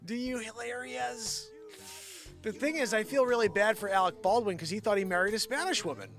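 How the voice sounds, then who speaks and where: A man's voice: sits high, fairly quick, a bit bright, faint music behind. A man hosting a live show and rambling jokily, often sliding into impressions. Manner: rambling, jokey, slips into impressions. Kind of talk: improvised comedic livestream rambling.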